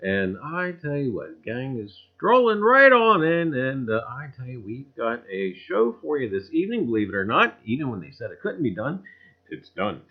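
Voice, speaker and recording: A man's voice: medium pitch, very animated, normal speed. A man hosting a casual livestream, greeting viewers by name one after another in a folksy, chatty way and leaning on the same pet phrases. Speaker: livestream host. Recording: dull lo-fi stream audio.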